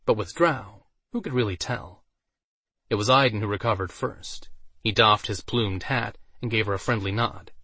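Male narrator, even and steady fantasy reading, close dry recording. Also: fairly low pitch, normal speed, slightly rough, no echo. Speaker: audiobook narrator. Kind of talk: scripted narration.

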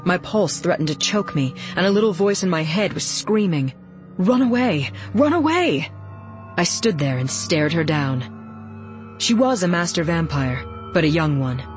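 A woman reading a first-person novel aloud in a steady, even storytelling voice. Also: deep voice, moderate pace, faint music behind. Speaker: audiobook narrator.

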